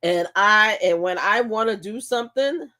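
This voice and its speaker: A woman's voice: mid-range voice, moderate pace, pushed and bright. An older woman hosting her own live stream, talking bluntly and animatedly, repeating words and laughing often as she chats. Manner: blunt and outspoken. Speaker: livestream host. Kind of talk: casual live-stream chat.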